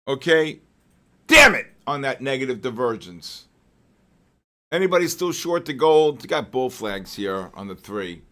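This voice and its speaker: An older man hosting a live market trading session, mixing chart talk with joking stories and loud exclamations. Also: mid-range voice, expressive, measured pace. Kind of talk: live trading commentary and casual chat.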